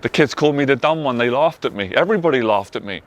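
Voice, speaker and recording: A man from England with a London accent speaks as a motivational speaker. He tells his own story earnestly and emotionally, hammering home his points with repeated phrases. His voice sits at a middling pitch. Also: lively intonation, fast talker. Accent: London English. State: tearful at times. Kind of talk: personal testimony monologue.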